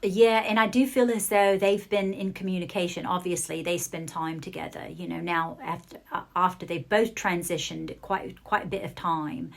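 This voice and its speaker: A woman giving a channelled psychic reading, relaying messages in halting bursts with soft murmured asides. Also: fairly low pitch, fairly even intonation, gravelly. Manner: hesitant, relaying what she hears in bursts. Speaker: psychic reader.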